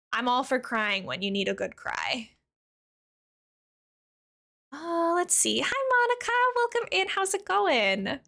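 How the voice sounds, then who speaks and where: Bright, bubbly woman streamer. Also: fairly high pitch. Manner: chatty and giggly, chatting with viewers. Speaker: game streamer. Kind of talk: casual live-stream chat while playing.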